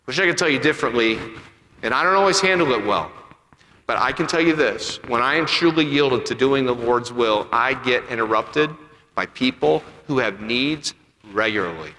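A male pastor preaching a sermon, acting out dialogue and swinging between loud passages and soft ones. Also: medium pitch, lively intonation, normal speed. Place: church sanctuary. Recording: church hall with long reverb.

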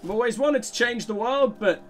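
A man hosting a let's play, giving excitable, self-mocking game commentary full of swearing. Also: very high-pitched, moderate pace, faint music behind.

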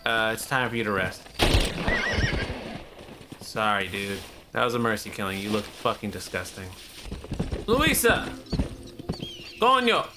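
A man giving casual commentary over a video game, excitable and profane, with sudden shouted outbursts. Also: lowish voice, measured pace, pauses often, heavy background noise. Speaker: gaming YouTuber. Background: game music and horse hooves.

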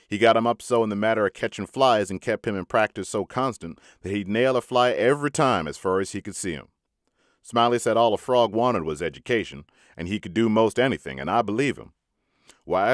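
A man reading a short story aloud in an unhurried, folksy storytelling manner. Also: on the low side, no room sound, clean studio sound. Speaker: audiobook reader.

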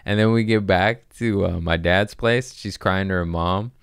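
A man hosting a podcast, telling rambling, profane, animated comic stories in casual chat. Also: sits low, moderate pace, clean tone, no room sound, clean studio sound. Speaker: podcast host. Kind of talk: casual comedic storytelling.

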